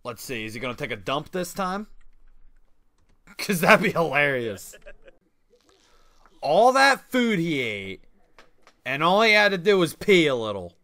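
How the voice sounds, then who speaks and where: Excitable man, casual game commentary, slangy, laughs a lot, high-ish bright voice. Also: unhurried, long pauses. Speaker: YouTuber playing a life-sim game. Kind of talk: casual let's-play commentary.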